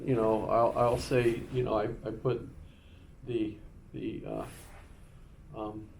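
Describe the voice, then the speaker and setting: A man's voice: lowish voice, little pitch movement, slow pace, creaky, darkish tone, a little hiss or hum. A male instructor chatting casually with his class, rambling through an anecdote with many restarts and repeated words, and fond of puns.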